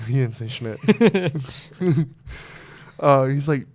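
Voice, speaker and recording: A man's voice: medium pitch, moderate pace. A man hosting a podcast, telling rambling stories in loose, profane casual chat. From Arizona. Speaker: podcast host.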